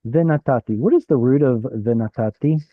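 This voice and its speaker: A man leads an online class over a video call, working through a text aloud and putting questions to his students. His voice sits at an ordinary pitch, and the call audio is dull and dry. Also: a little fast, no room sound. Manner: explains while thinking aloud, asks the class questions. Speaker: Hebrew teacher. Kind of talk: live online class teaching.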